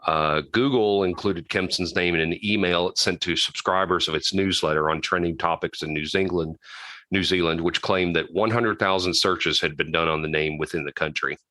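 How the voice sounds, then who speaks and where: A man's voice: low-pitched, steady tone, moderate pace, pushed and bright, no room sound, poor audio. A man co-hosting a podcast, casually recapping a true-crime case from notes, with frequent restarts and side comments. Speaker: podcast co-host.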